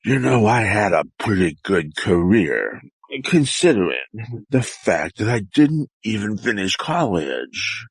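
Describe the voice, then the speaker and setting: A man putting on the voice of an older male president telling a joke in a low, hushed, deadpan way. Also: takes it slowly, husky, no echo, heavily acted.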